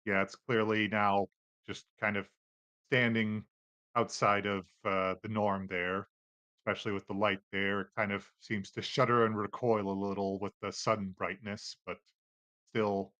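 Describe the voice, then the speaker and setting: A man with a fairly low voice runs a tabletop game as its game master. He narrates in a relaxed way and laughs easily. The recording is dry and close. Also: measured pace, no echo.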